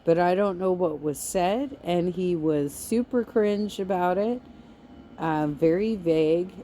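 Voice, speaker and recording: A woman's voice: on the low side, slow pace, dark tone, slight background noise. A woman hosting a livestream, commenting on online drama in a blunt, sarcastic way and swearing freely. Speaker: livestream host.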